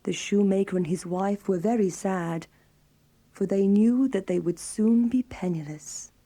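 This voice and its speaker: A woman narrating a children's fairy tale in a calm, even storybook telling. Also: mid-range voice, a little slow.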